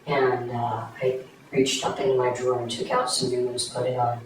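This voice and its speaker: A man speaks in a low, halting way, stumbling over fillers as he recounts events during a recorded police interview. He sits well away from the microphone in a bare room that rings with echo. A steady hiss of background noise runs under his voice. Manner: quiet, hesitant, halting with many fillers. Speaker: suspect recounting a crime. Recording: echoey distant room mic with noise.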